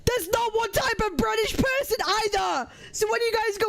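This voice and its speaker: A young Welsh woman streaming live, chatting casually with frequent swearing and excitable, shouted rants. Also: very high-pitched, moderate pace, creaky, noisy background. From Wales.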